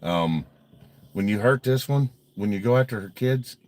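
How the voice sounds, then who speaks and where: A man's voice: fairly low pitch, lively intonation, moderate pace, darkish tone. Blunt, cussing man on a livestream. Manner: blunt, heavily profane, agitated. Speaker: livestream host reading viewer donations. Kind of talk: casual livestream chat.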